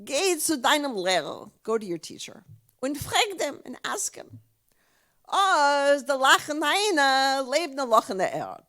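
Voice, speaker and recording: A woman's voice: sits high, very animated, unhurried, fairly bright tone, full character voice. A woman playing an old Yiddish-speaking father who pleads in a mix of Yiddish and English, growing exasperated.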